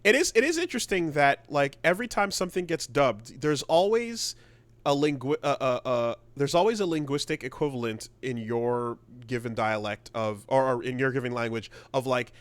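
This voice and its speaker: Mid-pitched man, rambling co-host, loose casual podcast talk. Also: expressive, normal speed, no room sound. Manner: rambling, many fillers and restarts. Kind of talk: casual chat.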